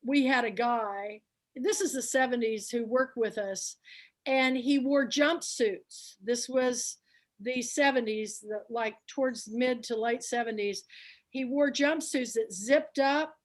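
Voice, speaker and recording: A woman's voice: fairly high pitch, takes it slowly, rough recording. An older woman hosting a book and film club, chatting and telling stories with frequent laughs. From Kansas area. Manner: chatty storyteller, laughing often. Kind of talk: casual chat.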